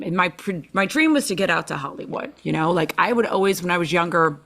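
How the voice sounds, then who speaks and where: Chicago woman telling lively stories. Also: fairly low pitch, fast talker, few pauses. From Chicago, USA. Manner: animated, acts out quoted dialogue, frequent "like". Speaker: interview guest. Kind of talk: conversational storytelling.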